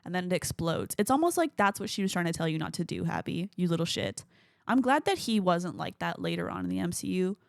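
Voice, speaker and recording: Low-voiced young woman with gravelly fry. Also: expressive, fast, no echo, clean studio sound. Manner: chatty, frank, swears freely. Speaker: podcast host. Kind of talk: casual film commentary.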